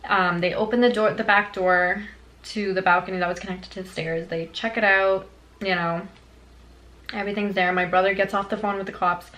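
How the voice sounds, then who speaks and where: A young woman vlogger telling a childhood story in a chatty, animated way, full of fillers. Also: medium pitch, moderate pace, low-quality recording. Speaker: beauty vlogger. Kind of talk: storytime vlog.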